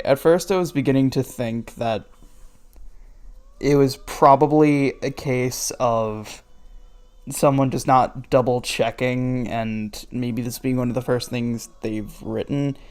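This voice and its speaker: A reader with a slightly mellow, mid-range voice reads fan fiction aloud, frequently breaking off to ridicule the writing. The asides are sarcastic and full of swearing, and the reader laughs at the text.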